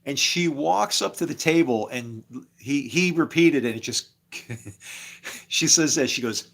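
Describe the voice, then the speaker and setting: A man's voice: on the high side, animated, slow pace, gravelly, fairly bright tone. A man talking casually on a live stream, rambling from story to story and chuckling often, with preachy asides. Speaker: livestreamer.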